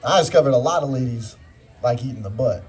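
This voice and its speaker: A man's voice: mid-range voice, expressive, fast talker, darkish tone, far from the mic. A man doing a stand-up comedy set with crude, confessional punchlines.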